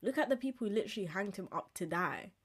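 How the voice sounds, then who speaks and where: This twenty-something live-stream podcast host talks fast in a husky, mid-range voice, candid and chatty, laughing frequently. Her volume swings between loud and quiet in the casual, expressive conversation.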